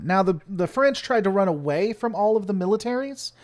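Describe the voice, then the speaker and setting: A man's voice: high-pitched, animated, a little fast. A man from the United States hosting his channel, rambling and joking with lots of fillers in casual live-stream commentary. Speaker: channel host.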